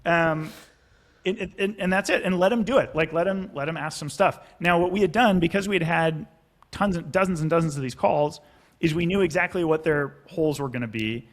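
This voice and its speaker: A man's voice: a little high, a little fast. A man, a startup founder, talking casually as a podcast guest, acting out investor and founder lines and swearing freely. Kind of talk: casual explanatory interview talk.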